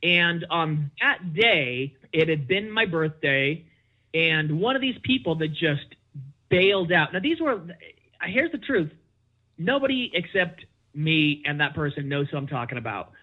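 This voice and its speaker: A man talking as a podcast guest, telling a personal story in an animated, emphatic way and acting out the dialogue. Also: fairly high pitch, measured pace. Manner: animated, emphatic, acts out dialogue in his stories. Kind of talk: conversational storytelling. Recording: dull lo-fi sound.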